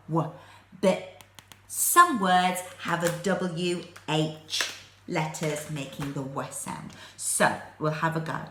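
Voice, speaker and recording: A woman teaching phonics to young children, sounding out letters slowly and clearly, with an English accent. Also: lowish voice, fairly bright tone, reverberant.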